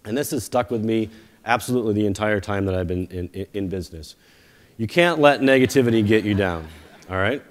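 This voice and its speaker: A man's voice: lowish voice, fairly quick. A man giving a conference keynote, telling stories in a conversational way with self-deprecating jokes. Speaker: company founder giving a keynote. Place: conference stage before a live audience.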